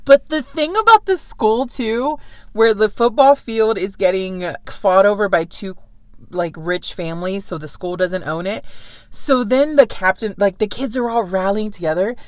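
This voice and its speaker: A woman's voice: medium pitch, expressive, normal speed, no echo, studio quality. A woman in casual chat about a book, swearing often and acting out quotes with laughter.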